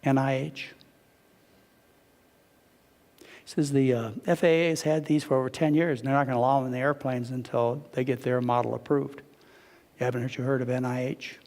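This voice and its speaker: A man giving a live lecture as a physician, telling stories with animated quotes and asides to the audience. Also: medium pitch, moderate pace, pauses often. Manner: animated storytelling, quotes others with raised voice. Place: lecture hall. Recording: long reverb of a lecture hall.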